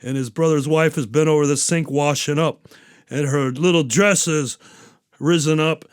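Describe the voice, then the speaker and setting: A man's voice: a little high, fairly even intonation, moderate pace, smooth. A man hosting a podcast, recapping a movie in a rambling, profane, casual way. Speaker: podcast host.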